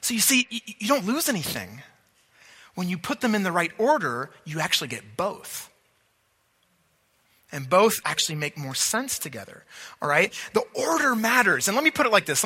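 A man's voice: high-pitched, very animated, fairly quick, pushed and bright, slightly rough. A man preaching a sermon, earnest, repeating words for emphasis and checking that listeners follow. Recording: long reverb of a large hall.

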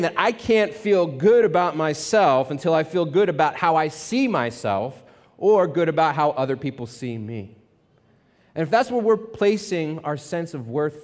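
A middle-aged man, a pastor, preaching a sermon, telling a story and acting out the dialogue with laughs along the way. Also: medium pitch. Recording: long reverb of a church hall.

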